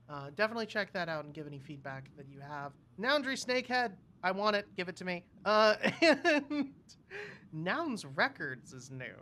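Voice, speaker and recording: A man's voice: sits high, slight background noise. A man co-hosting a livestream, chatting casually and laughing often. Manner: animated, laughs often, tries cartoon voice impressions. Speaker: livestream co-host. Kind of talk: casual chat.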